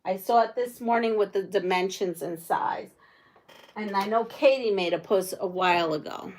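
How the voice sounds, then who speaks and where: A woman's voice: mid-range voice, normal speed, a little mellow. A woman hosting a quilting livestream from home, chatting casually with viewers and thinking aloud as she sews. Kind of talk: casual live chat while sewing.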